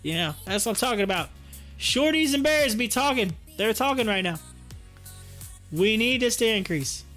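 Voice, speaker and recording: A man's voice: sits high, expressive, normal speed, pushed and bright, faint music behind. A man doing casual live-stream commentary on stocks, joking and laughing often and slipping into mocking voices.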